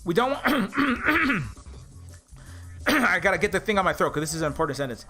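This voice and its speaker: High-voiced man in earnest commentary. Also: very animated, normal speed, pauses often, pushed and bright, faint music behind. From Hawaii. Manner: earnest, rambling, often restarts mid-thought. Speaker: indie game developer. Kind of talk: casual video commentary, reading quotes aloud.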